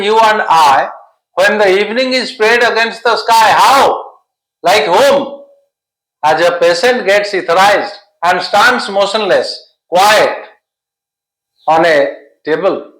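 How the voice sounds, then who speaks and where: A man's voice: sits high, fairly bright tone, echoey room, low-quality recording. A man teaching literature for an exam-prep lesson, explaining patiently and stringing synonyms together. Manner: repetitive, listing synonyms, explanatory.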